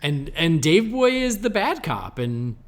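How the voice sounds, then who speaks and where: A man co-hosting a podcast in casual chat, enthusiastically recounting scenes and giving quick agreement. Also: fairly high pitch, very animated. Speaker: podcast co-host.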